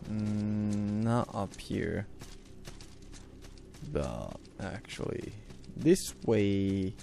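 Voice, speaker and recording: A young man giving casual gameplay commentary who swears a lot and bursts out loudly at sudden mishaps. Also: lowish voice, animated, drawn-out words, creaky, noisy background. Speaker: let's play host.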